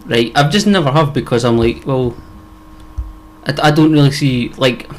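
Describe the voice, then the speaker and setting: A man's voice: medium pitch, moderate pace, slight background noise, low-quality recording. Rambling young Scottish man. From Scotland. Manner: rambling, filler-heavy, swears casually. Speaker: podcast co-host. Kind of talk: casual chat.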